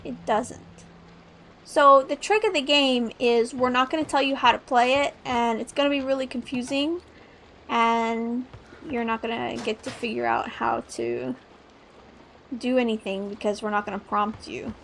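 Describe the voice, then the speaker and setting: Young woman streamer, high voice, chatty and giggly commentary. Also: fairly even intonation, measured pace, creaky, a bit bright, a little hiss or hum. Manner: chatty, playful, giggly asides. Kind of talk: live game stream commentary.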